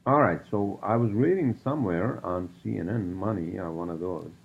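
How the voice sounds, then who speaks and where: Male solo podcast host, very low and gravelly, profane rambling rants, dull recording. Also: normal speed. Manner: profane, ranting, rambling with many fillers. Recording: dull lo-fi sound with faint noise.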